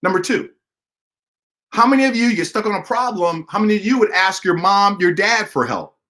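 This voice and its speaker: A man's voice: sits high, moderate pace. A man giving a motivational talk, telling a story animatedly and speaking directly to his listeners. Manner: animated, acts out dialogue, addresses listeners directly. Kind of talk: motivational storytelling to an online audience.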